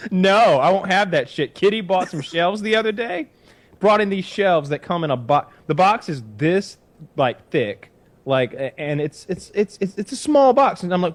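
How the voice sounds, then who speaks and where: A man's voice: high voice, expressive, moderate pace. A man hosting a podcast, ranting about his frustrations in a casual, rambling way with lots of swearing. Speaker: podcast host. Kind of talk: casual chat.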